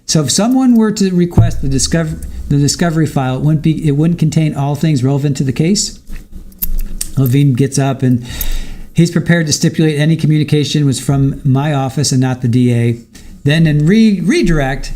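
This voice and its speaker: A man's voice: fairly high pitch, moderate pace, mellow. A man hosting a live stream, recapping court testimony in a chatty way, reading viewer comments aloud and talking to his dog at home. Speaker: livestream trial commentator.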